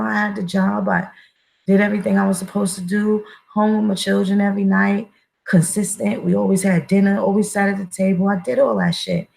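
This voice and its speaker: A woman's voice: mid-range voice, creaky, darkish tone, low-quality recording. A woman giving a blunt, profane casual monologue as an online commentator, emphatic and full of restarts.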